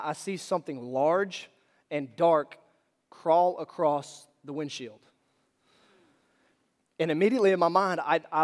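A male pastor in his thirties preaching a sermon, telling a personal story in a conversational, animated way with asides to the congregation. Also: a little high. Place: church hall. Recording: long hall reverb.

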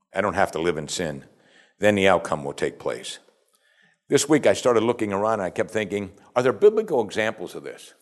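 A man preaching a sermon as pastor, building to emphatic call-and-response and acting out quoted voices. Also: lowish voice.

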